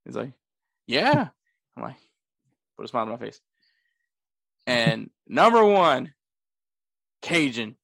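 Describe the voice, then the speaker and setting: A man's voice: medium pitch, a little slow, creaky, long pauses, dry recording, studio quality. A young man co-hosting a casual podcast chat, joking around and laughing often. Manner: laughs often, jokey and animated. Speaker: podcast co-host.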